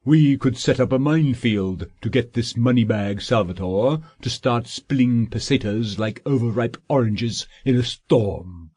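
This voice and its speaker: A man voicing a fat, pompous, scheming middle-aged male solicitor in an audiobook, talking in a drawn-out, sanctimonious way. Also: medium pitch, warm tone, husky.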